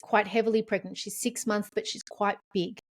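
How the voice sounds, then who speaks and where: A woman's voice: mid-range voice, moderate pace. Emotional, open-hearted woman podcast host. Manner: open, emotional, animated storytelling. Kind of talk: casual conversation.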